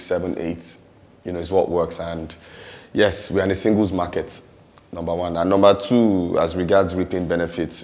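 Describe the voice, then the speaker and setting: A Nigerian man with a Nigerian accent, talking casually in an interview, with many fillers and some Yoruba phrases. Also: deep voice. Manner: relaxed, many "you know" fillers, mixes in Yoruba. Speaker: musician and actor interviewee.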